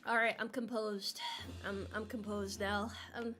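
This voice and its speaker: A young adult woman, a VTuber streamer, chatting casually with her viewers, animated and flustered, laughing often and repeating words when worked up. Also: medium pitch, unhurried. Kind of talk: casual livestream chat.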